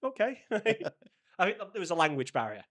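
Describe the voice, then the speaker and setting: Animated man telling stories. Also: a little high, brisk. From Manchester, England. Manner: animated, acts out quoted voices in his anecdotes. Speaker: podcast co-host. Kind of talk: casual storytelling chat.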